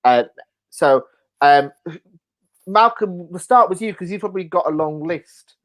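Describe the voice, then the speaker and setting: Hesitant chat-show host man with lively pitch. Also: unhurried. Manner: hesitant, filler-heavy questioner steering the talk. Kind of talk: hosting a casual chat.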